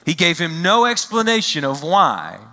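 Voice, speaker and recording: A man preaching a sermon as a visiting pastor, expressive, acting out quoted lines and slowing down to stress key phrases. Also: fairly high pitch, in a large hall.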